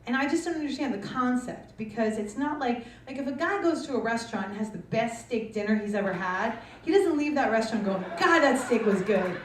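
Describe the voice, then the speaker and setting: On a club stage before a live audience, a woman from New Jersey delivers brash, profane, punchy stand-up in a fairly high voice, brisk and with hardly any pauses. The roomy recording is made from a distance and picks up audience noise.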